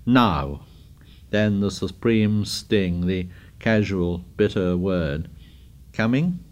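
Man reading a novel aloud, low voice, slow and deliberate. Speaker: narrator. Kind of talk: audiobook narration of a novel.

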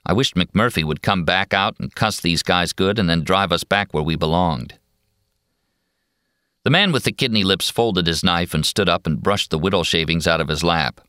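A man narrating a novel in a steady, measured storytelling voice. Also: deep voice, clean tone, no echo, studio quality. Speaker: audiobook narrator. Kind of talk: scripted narration.

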